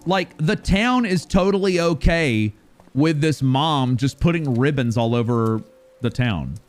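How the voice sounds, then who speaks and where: A man streaming a video game live, chatting playfully and rambling, sometimes loud and sometimes mumbling. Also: mid-range voice, expressive, measured pace. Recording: faint music behind the voice.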